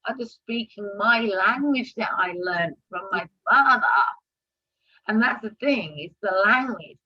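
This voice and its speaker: A woman hosting a live talk stream, talking casually and turning loud and animated when she presses a point. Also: medium pitch, measured pace, slightly rough, highs cut off. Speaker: host of a live talk show.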